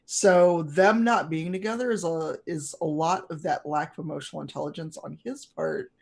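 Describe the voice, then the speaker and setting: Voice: medium pitch, vocal fry. Rambling game master narrating a tabletop game. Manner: rambling, many fillers and restarts.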